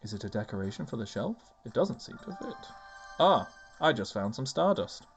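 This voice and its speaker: A man talking through a video game as he plays, casual and self-mocking. His pitch moves around a lot as he chats along. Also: sing-song, moderate pace, soft background music. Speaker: let's-play host. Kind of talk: casual gameplay commentary.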